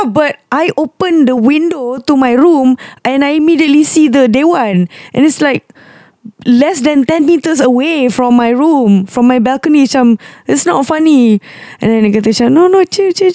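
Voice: high-pitched, normal speed, dry recording, clean studio sound. A young adult from Malaysia with a Malaysian English accent, casually telling a personal ghost story and mixing in Malay words. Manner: animated, mixes Malay words into English, breaks into emotional laughter.

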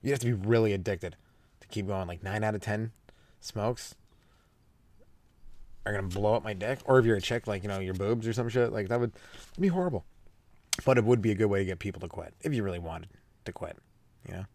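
Rambling, swearing young man, low voice. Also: fairly quick, pauses often, a little mellow. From Canada. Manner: loose, rambling, laughs at own jokes, swears a lot. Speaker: stand-up comedian hosting a podcast. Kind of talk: rambling stoned comedy monologue.

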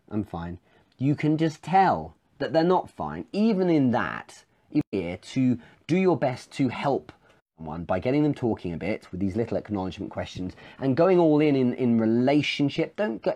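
A sales trainer in middle age talks through his points in a loose, conversational way, often restarting and adding asides. His voice is mellow and dark, and its pitch moves a lot as he stresses ideas. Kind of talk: live-streamed teaching talk.

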